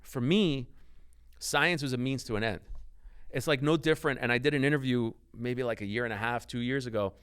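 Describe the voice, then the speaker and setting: A man's voice: medium pitch, brisk, fairly bright tone, clean tone, no echo, clean studio sound. A man speaking as a podcast guest, telling his story emphatically and swearing freely. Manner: emphatic and profane, driving storyteller. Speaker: podcast guest, company founder. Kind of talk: casual interview.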